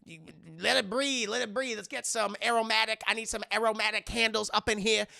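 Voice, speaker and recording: A man voicing a loud, bossy old Southern grandmother with a sassy, scolding manner, as a comic impression during a stream. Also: high-pitched, level tone, a little fast, creaky, full character voice.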